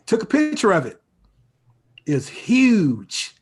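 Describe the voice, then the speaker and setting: A man co-hosting a church talk program, chatting in a relaxed, casual way and leaning on fillers like "man" and "you know". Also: sits high, takes it slowly, slightly rough. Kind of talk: casual chat.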